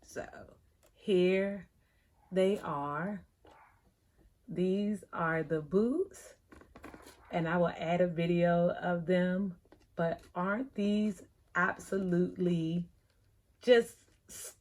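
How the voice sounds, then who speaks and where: A middle-aged woman, telling a story in a chatty, animated way, acting out the other people in it. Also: medium pitch, measured pace. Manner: chatty, animated retelling with quoted voices. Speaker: thrift vlogger. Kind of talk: casual storytelling vlog.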